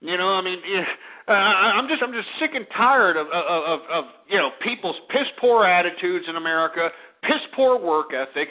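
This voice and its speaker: A male talk radio host rants through a profane monologue in quick bursts. His voice sits high for a man and comes through a thin, tinny lo-fi radio sound. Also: lively intonation. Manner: ranting, profane, fast bursts.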